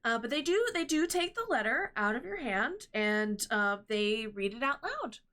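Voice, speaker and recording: A woman's voice: fairly high pitch, sing-song, normal speed, pushed and bright. A woman running a tabletop game as game master, narrating in a rambling, hesitant way with many fillers. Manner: rambling, hesitant, laughs often.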